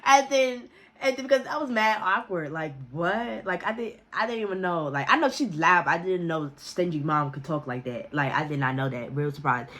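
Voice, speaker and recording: A young woman vlogger telling a casual story, full of cussing and quick to laugh. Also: lowish voice. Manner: profane, animated, breaks into laughter.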